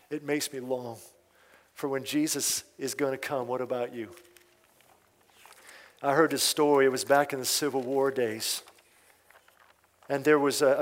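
A man preaching at a prophecy seminar, fervent and emphatic, who often puts questions straight to his listeners. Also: on the high side. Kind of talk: sermon. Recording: long hall reverb.

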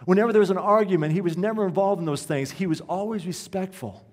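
A man's voice: sits high, fast. A male pastor preaching a sermon in a church, telling a story and building to rhetorical questions. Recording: echoey church hall.

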